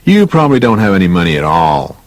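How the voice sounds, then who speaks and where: A man's voice: deep voice, very animated, fast talker, no room sound. A man voicing an angry car salesman who accuses a customer of wasting his time. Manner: loud, accusing.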